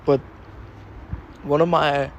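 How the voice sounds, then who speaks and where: Danish guy, gravelly voice, lots of uhs, bit of hiss. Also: a little high, flat delivery, slow, highs cut off. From Denmark. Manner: hesitant, with fillers and restarts. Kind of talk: casual storytelling.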